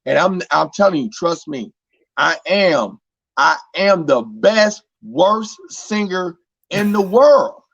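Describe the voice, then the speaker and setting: A man's voice: high-pitched, lively intonation, takes it slowly, fairly bright tone, breathy edge, dull audio. A man co-hosting a podcast, chatting loosely and emphatically, looping back over his own words. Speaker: podcast co-host. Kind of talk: casual chat.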